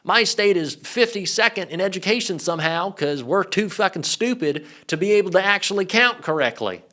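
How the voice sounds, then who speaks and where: A man's voice: sits high, animated, brisk, pushed and bright, pitched above the performer's own voice. A man putting on a mocking impression of a senator, using an exaggerated cartoonish accent and a crude, dim-witted manner.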